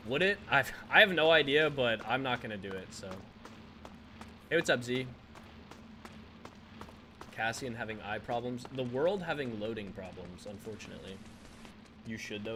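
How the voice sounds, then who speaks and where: A man's voice: medium pitch, sharp tone, a little hiss or hum. A young man, chatting casually with his viewers while playing a game on a live stream, laughing often and answering chat.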